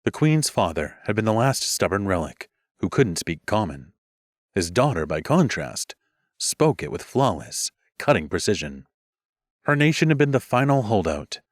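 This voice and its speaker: A man's voice: sits low, dry recording, clean studio sound. A man narrating a fantasy audiobook with a wry, sardonic delivery. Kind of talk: scripted narration.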